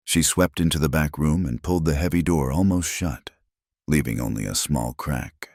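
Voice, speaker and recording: Very deep-voiced male storyteller. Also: animated, normal speed, a little mellow, no echo, studio quality. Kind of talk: scripted narration.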